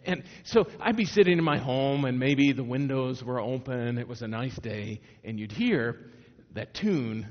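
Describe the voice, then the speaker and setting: A middle-aged pastor from Northwest Indiana preaching a sermon in a casual, conversational way, full of restarts and rhetorical questions. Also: male voice, mid-range voice, animated, unhurried. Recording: dull sound, long hall reverb.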